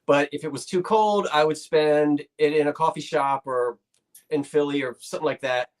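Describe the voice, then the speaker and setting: Guy with a higherish voice, rambles and restarts a lot, casual live stream chat. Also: steady tone, normal speed. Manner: hesitant, rambling with many restarts. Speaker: co-host of a live sale stream.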